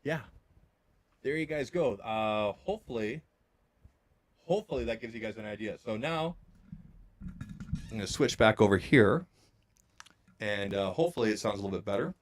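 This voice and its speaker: A man's voice: lowish voice, expressive, normal speed, pauses often, no room sound. A man hosting a tech channel, demonstrating a mic setup in a loose, repetitive, casual way. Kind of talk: casual product demo.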